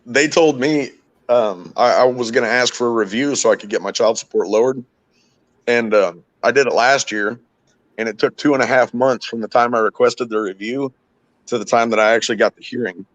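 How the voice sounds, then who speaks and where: A man's voice: mid-range voice, a little fast, dry recording, low-quality recording. A man chatting casually on a podcast, telling frustrated stories with plenty of swearing. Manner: profane, ranting, frustrated storytelling. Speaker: podcast host. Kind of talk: casual chat.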